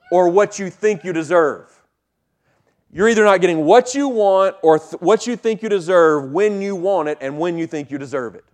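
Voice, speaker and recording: A pastor preaching a sermon with emphatic delivery, repeating key lines and swinging from loud to hushed. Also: male voice, on the high side.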